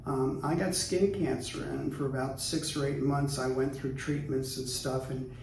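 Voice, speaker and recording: A man in his sixties from the United States, telling stories in a relaxed interview, chatty and laughing easily. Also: medium pitch, moderate pace, creaky, a little hiss or hum. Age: 60s. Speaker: guest. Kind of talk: casual interview storytelling. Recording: roomy, distant mic.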